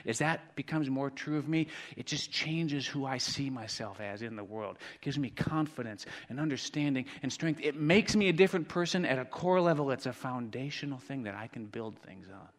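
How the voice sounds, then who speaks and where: A man preaching a sermon as pastor, swinging from quiet, intimate lines to loud, dramatic ones. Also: mid-range voice, moderate pace, hardly any pauses. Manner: dramatic swings from hushed to shouting. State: out of breath.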